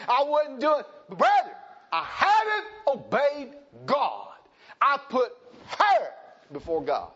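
A middle-aged man, preaching a sermon in church, dropping to quiet testimony and rising to loud, high exhortation. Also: vocal fry, husky. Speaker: pastor. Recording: dull lo-fi sound.

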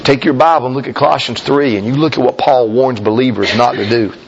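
A man preaching a sermon, folksy and emphatic, with sudden shouts and slow drawn-out lines. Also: mid-range voice, steady tone, gravelly, lo-fi sound, noisy background.

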